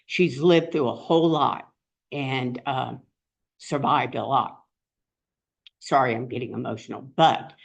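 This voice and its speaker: A woman hosting a group meeting, introducing the guest speaker in a rambling, heartfelt way with many fillers. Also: deep voice. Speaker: meeting host and co-founder. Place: meeting room with an audience. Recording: dull lo-fi recording.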